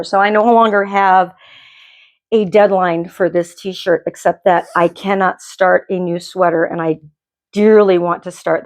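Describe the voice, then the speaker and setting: A woman with a gravelly voice, pitched a little low, hosts a knitting podcast from her home dye studio. She chats in a loose, rambling way and often stops and restarts her sentences. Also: a little mellow. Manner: chatty and rambling, with frequent restarts. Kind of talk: casual chat.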